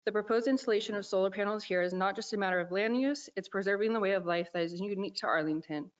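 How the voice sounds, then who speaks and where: A woman's voice: mid-range voice, quick pace. A young woman earnestly reading a heartfelt prepared public comment at a county meeting. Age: young adult. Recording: dull lo-fi meeting audio.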